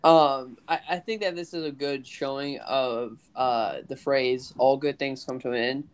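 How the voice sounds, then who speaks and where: A young man co-hosting a casual podcast chat, talking haltingly with many restarts and stammers. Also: mid-range voice, fairly even intonation, clear, resonant tone. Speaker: podcast co-host.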